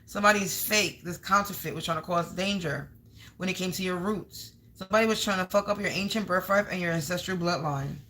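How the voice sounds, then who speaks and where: A woman's voice: fairly low pitch, a little fast, fairly bright tone, a little hiss or hum, rough recording. A woman giving a live spiritual card reading to viewers. She talks emphatically, stacks up strings of synonyms and swears casually.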